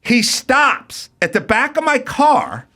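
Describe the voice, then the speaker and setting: Animated ranting man telling a story. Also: very high voice, slow pace. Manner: animated, ranting, acts out quotes. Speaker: podcast host. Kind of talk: casual storytelling.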